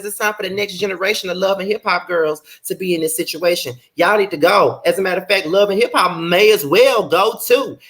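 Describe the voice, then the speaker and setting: A young man casually recapping a reality TV episode in a blunt, profane, animated vlog. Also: moderate pace. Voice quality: blunt, profane, sassy commentary. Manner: animated, rants with big pitch jumps. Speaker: YouTube reality TV reviewer.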